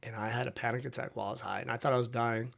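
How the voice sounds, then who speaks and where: A man's voice: medium pitch, fairly even intonation, racing, gravelly, fairly bright tone. A young man in casual chat, laid-back and swearing easily as he tells personal stories.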